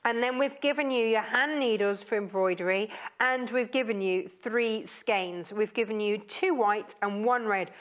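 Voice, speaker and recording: A woman's voice: medium pitch, moderate pace, hardly any pauses, highs cut off. A woman presenting craft products on a shopping channel, chatty and gushing with plenty of fillers.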